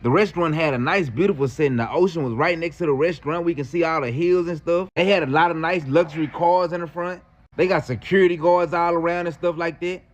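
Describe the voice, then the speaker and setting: A man telling a story in casual slang, animated and acting out the people in it. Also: on the high side, quick pace, dull audio. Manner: animated, slangy, acts out quotes.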